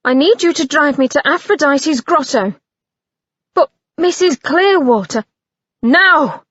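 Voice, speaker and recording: A woman's voice: high-pitched, lively intonation, a little slow, no room sound, dull audio, voice pushed up. A woman voicing a frantic young widow heroine who talks in an urgent, insistent, raised voice.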